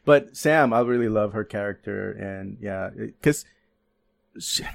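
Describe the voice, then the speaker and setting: A man's voice: fairly low pitch, unhurried, gravelly, no echo. A young man from California, a podcast guest, chatting casually with lots of laughter and swearing. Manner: laughing, animated storyteller, swears freely. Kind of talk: casual chat.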